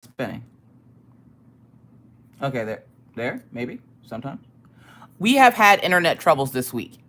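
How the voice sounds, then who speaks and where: Lively woman greeting live chat. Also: extremely low pitch, measured pace, a little hiss or hum. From United States. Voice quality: ticklish cough in throat. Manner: greets chat by name, swears casually. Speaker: livestream host. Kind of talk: casual live-stream chat.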